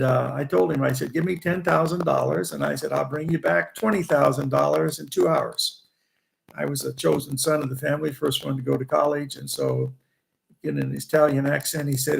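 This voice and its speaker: A man's voice: fairly high pitch, steady tone, moderate pace, vocal fry, poor audio. A man in his eighties from Indiana, a veteran trader telling long, rambling stories and chuckling as he remembers. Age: 80s. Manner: chuckling, restarts phrases while reminiscing. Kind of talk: rambling anecdotal storytelling.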